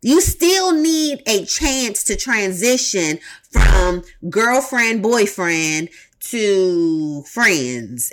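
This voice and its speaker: A woman's voice: medium pitch, a bit bright. A woman podcast host giving casual advice in a blunt, profane, emphatic way, repeating her points for emphasis.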